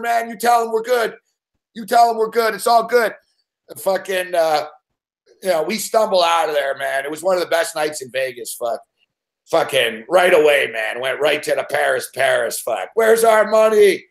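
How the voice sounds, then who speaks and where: Excitable male host with a fairly high voice, rambling and profane. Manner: swears constantly, rambling and excitable. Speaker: sports betting show host. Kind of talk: profane casual storytelling.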